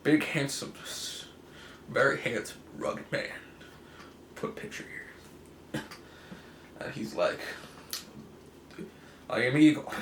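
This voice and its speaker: A man's voice: medium pitch, lively intonation, slow pace, gravelly, long pauses, a bit bright. Rambling man reviewing comics, echoey room. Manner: rambling, laughs easily, self-correcting. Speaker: comic book video host. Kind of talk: casual comic review chat. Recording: echoey room, faint hiss.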